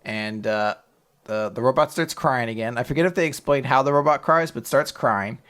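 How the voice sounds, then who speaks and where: A man casually recapping a comic chapter, swearing freely and slipping into quick silly voices for the characters. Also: mid-range voice, a bit bright. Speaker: podcast co-host recapping manga. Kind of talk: casual chat.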